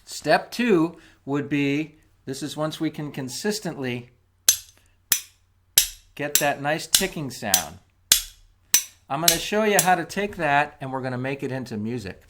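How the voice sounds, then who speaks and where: A man's voice: on the high side, expressive, unhurried, pauses often, very noisy. A man teaching a music lesson on video, patient and step by step, counting beats aloud as he demonstrates. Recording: clicking spoons heard behind. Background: clicking of spoons.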